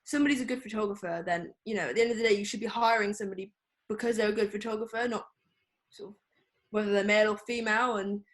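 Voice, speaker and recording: A woman's voice: mid-range voice, steady tone, quick pace. A young woman, a photographer speaking as a guest in a casual interview, chatty and full of fillers. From England. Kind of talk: casual interview over a call.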